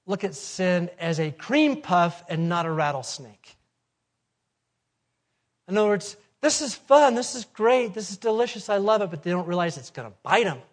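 A man preaching a sermon in a fairly high voice. He presses each point with rhetorical questions and swings from forceful to hushed. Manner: emphatic, rhetorical questions, swings between loud and soft.

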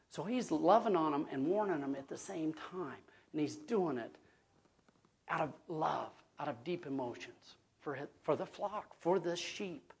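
A man's voice: on the high side, lively intonation, measured pace, gravelly, slightly rough. A man preaching a sermon as pastor, earnest and conversational, often checking in with his listeners.

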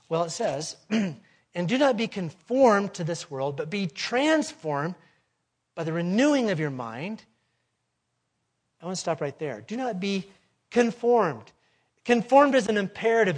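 A man preaching a sermon in a fairly high voice. He presses each point with rhetorical questions and swings from forceful to hushed. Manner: emphatic, rhetorical questions, swings between loud and soft.

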